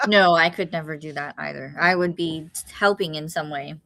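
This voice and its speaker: A woman's voice: deep voice, moderate pace, creaky, a bit bright. A woman co-hosting a live stream, chatting playfully and giving short replies of agreement. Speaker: co-host of a writing sprint stream. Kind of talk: casual chat.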